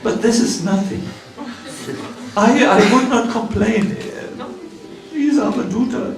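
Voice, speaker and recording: A man's voice: very high-pitched, slow pace, vocal fry, reverberant, recorded from a distance. A man with a German accent giving a storytelling sermon as a swami in a temple, acting out the lines of the people in his story. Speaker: swami giving a scripture class. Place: temple hall.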